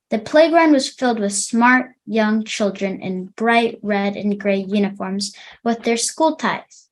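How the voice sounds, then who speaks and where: A young woman teacher reads a picture-book story to a children's class in a friendly way, stopping now and then to explain a word. Her voice is fairly high and she speaks at an unhurried, slow pace. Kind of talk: reading a storybook aloud to a class.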